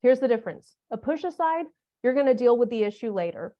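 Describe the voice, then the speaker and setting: The speaker is a woman whose slightly high voice is expressive and fairly quick, with the highs cut off in the audio. In this teacher workshop at a conference, she chats humorously and draws on practical classroom examples.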